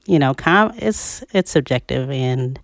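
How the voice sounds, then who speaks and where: A podcast co-host in a casual discussion, talking in an animated, emphatic way, with the pitch leaping up on key points and frequent laughter. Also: a little slow, gravelly, no room sound, clean studio sound.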